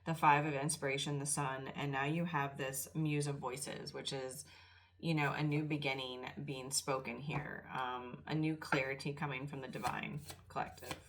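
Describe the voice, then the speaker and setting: A middle-aged woman with a low voice gives a casual spiritual tarot reading. She talks softly and rambles, and she sounds emotional, close to tears. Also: level tone, normal speed. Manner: emotional, tearful and soft-spoken. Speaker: tarot reader.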